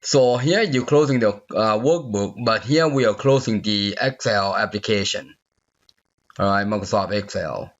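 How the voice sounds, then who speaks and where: A man teaching a software tutorial while he debugs on screen, thinking aloud, repeating phrases and asking the viewer if they see it. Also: fairly low pitch, measured pace, highs cut off. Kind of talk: unscripted screen-recorded coding walkthrough.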